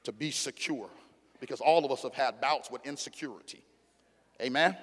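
A middle-aged male pastor preaching a sermon with call-and-response, moving from quiet asides to loud, shouted emphasis. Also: mid-range voice, normal speed. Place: church sanctuary. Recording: long hall reverb.

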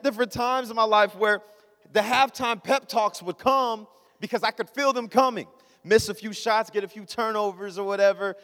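High-voiced young preacher, hall echo. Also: male voice, fairly bright tone. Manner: conversational, joking, acts out his father's lines. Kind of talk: humorous sermon storytelling. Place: church sanctuary. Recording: long reverb of a hall.

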